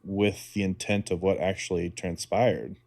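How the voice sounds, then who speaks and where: A very low-voiced man hosts an interview podcast. He speaks in a calm, reflective way, summing up what his guest has told him. His mic sits a little away from him in a dry, deadened room. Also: measured pace, no echo, recorded from a distance. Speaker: podcast host. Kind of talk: interview questions.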